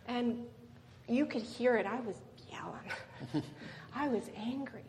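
A woman's voice: a little high, lively intonation, a little slow. A middle-aged woman telling a personal story as a seminar speaker, earnest, with frequent ums and tag questions. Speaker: guest speaker. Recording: reverberant hall with faint noise.

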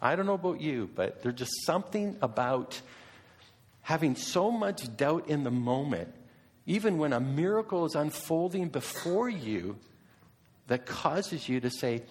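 A middle-aged man with a slightly high voice and lively intonation preaches a sermon at an unhurried pace. He's conversational, asking the congregation question after question, and the hall adds a long reverb.

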